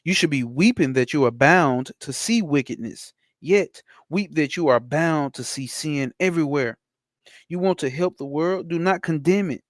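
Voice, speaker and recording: A man teaching spirituality. He reads a text aloud slowly and breaks off into blunt, slangy asides with profanity for a live chat. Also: on the high side, no echo, studio quality. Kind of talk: reading a text aloud and commenting on it.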